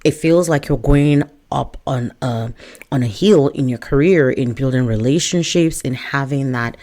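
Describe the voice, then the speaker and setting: A woman's voice: very deep voice, measured pace. Chatty woman career coach. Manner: chatty, animated, joking asides. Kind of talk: direct-to-camera advice talk.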